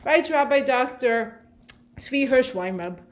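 A woman with a somewhat high voice delivers a Torah lesson on the weekly portion. She speaks expressively and asks rhetorical questions. She weaves in Hebrew phrases and translates each one as she goes. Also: animated, takes it slowly. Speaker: Torah teacher.

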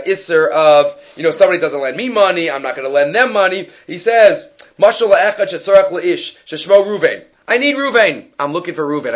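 A man teaching a Talmud lesson, lively and animated, acting out quoted people and weaving Hebrew quotations into his English. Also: fairly high pitch, highs cut off. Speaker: Torah teacher giving a daf yomi class.

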